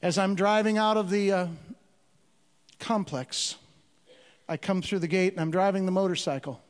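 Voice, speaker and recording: A high-pitched man speaks as a missionary, telling his story with earnest conviction and stumbling repeats. His voice rings through a large hall with long reverb, as if addressing a gathered crowd. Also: steady tone, normal speed. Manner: earnest, repeats words when stressing a point. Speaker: Christian missionary. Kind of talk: storytelling testimony to an audience.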